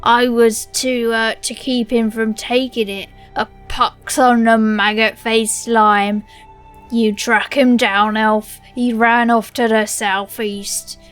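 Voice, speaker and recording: A woman putting on a rough mock-Cockney voice as a wounded, greedy male orc, reading game quest dialogue aloud. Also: on the high side, little pitch movement, takes it slowly, fairly bright tone, faint music behind. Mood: bitter.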